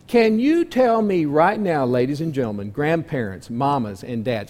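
A man teaching a church class in a folksy sermon style, asking his listeners many questions and moving between loud and soft delivery. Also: a little high, sing-song, moderate pace, hardly any pauses. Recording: long hall reverb.

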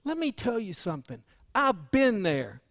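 A preacher with a fairly high voice delivers a sermon in a folksy, storytelling way. He swings between loud, ringing passages and near-whispered ones. The sound is dry and close. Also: huge pitch swings, moderate pace, gravelly, no room sound. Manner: dramatic swings from loud to hushed.

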